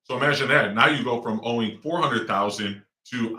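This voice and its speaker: A man's voice: mid-range voice, a little fast, bright, forceful tone. Middle-aged man rambling in an echoey room. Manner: rambling, with many fillers and restarts. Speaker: real estate investor guest. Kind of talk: casual interview talk. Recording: roomy echo, distant mic.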